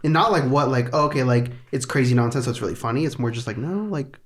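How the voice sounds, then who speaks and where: A man's voice: mid-range voice, racing. A man co-hosting a movie podcast, chatting casually and nitpicking a film while acting out lines in a mocking voice. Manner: animated nitpicking, acts out quotes. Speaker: podcast co-host. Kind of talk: casual chat.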